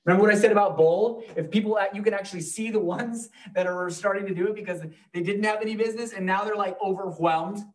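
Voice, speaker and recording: A man's voice: high voice, fairly even intonation, fast, few pauses, darkish tone, recorded from a distance. A man leading a live real estate training class, talking loosely and joking with the room.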